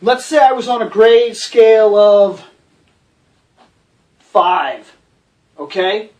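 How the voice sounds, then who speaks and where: A man's voice: high-pitched, slow pace, darkish tone, recorded from a distance. A man hosting a ranting movie review, profane, sarcastic and exasperated. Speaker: host.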